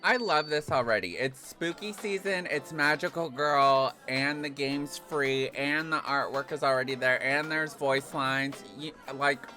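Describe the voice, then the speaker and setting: A male gaming channel host giving enthusiastic, expressive let's-play commentary. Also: mid-range voice, a little slow, few pauses, soft background music.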